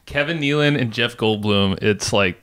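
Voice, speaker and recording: A man's voice: medium pitch, normal speed, a bit bright, smooth. A man co-hosting a podcast in casual chat, joking around with rambling asides and frequent laughter. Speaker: podcast co-host. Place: in a room with the co-host.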